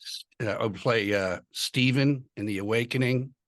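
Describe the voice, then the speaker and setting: A man's voice: medium pitch, normal speed, no room sound, studio quality. A man hosting a casual interview, friendly and encouraging, chuckling between questions. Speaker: interview host.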